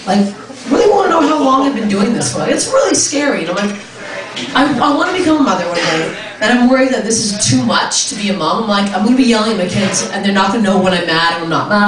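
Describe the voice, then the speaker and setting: A young woman doing a stand-up set with a deep, raspy voice, chatting with the crowd and poking fun at herself. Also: expressive, fast. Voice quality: deep raspy voice, says she always sounds this way. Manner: self-deprecating, chatty with the crowd. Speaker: stand-up comic. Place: comedy club stage. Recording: echoey club from far off, crowd noise.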